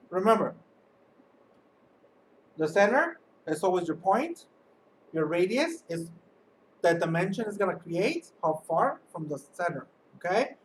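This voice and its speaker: A high school math teacher recording a video lesson, walking through each step patiently and often checking in with "okay?". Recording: distant mic with faint background noise.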